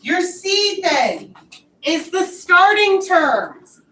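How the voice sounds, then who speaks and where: A woman's voice: very high-pitched, big pitch swings, drawn-out words, pushed and bright. A woman teaching a math class, explaining each step patiently, recorded from across an echoey classroom. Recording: echoey classroom, far mic.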